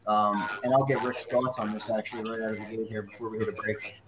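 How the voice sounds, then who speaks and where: A man's voice: lowish voice, flat delivery, fast talker, a crowd in the background. A man co-hosting a sports talk show, speaking conversationally and putting long questions to his guests. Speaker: fill-in sports radio co-host.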